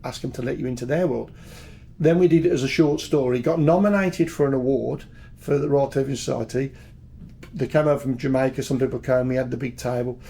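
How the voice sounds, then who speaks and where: A man's voice: mid-range voice, fast, creaky, warm tone. An older man with a Birmingham accent, a podcast guest telling candid, jokey stories from a long career in music and PR. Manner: chatty, jokey, repeats words as he goes. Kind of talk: candid anecdotal storytelling.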